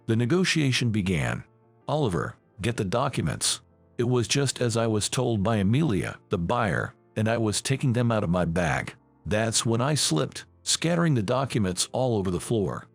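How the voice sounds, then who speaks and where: A man giving scripted first-person story narration in a steady, measured storytelling manner. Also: mid-range voice, gravelly, no room sound.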